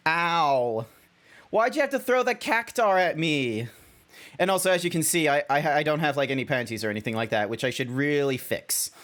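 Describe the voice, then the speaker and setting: A man's voice: on the high side, expressive, fairly quick, a bit bright. A young Australian man streaming as a VTuber, chatting casually and rambling with many restarts. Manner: rambling, self-correcting, chatty.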